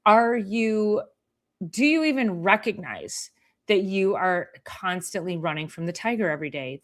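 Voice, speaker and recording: Woman chiropractor on a live stream, chatty and animated, lots of quick asides. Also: mid-range voice. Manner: animated, chatty, mimics patients with sing-song la-la sounds. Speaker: chiropractor hosting a weekly live health show. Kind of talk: casual live-stream talk.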